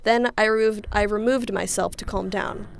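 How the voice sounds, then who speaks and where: A young woman reading reddit stories aloud in an expressive way, saying punctuation out loud and adding her own reactions. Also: mid-range voice, moderate pace, gravelly. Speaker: reddit story reader.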